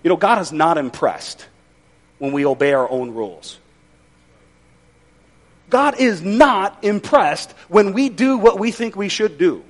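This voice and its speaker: Male pastor, bright high register, animated delivery, folksy sermon with dry jokes. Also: a little slow, pauses often. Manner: conversational, folksy with wry humor.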